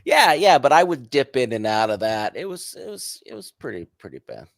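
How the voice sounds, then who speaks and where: Animated man, self-deprecating co-host. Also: mid-range voice, normal speed, creaky, no room sound, clean studio sound. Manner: self-deprecating, laughs easily. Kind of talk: casual chat.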